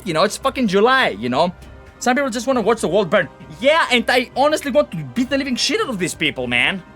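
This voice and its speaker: A man streaming a game, telling a story in animated, profane casual chat. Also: high voice.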